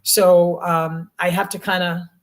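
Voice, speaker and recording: A middle-aged woman actress telling stories in a casual interview, emotional and animated, with many restarts. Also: on the low side, a little slow. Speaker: actress guest.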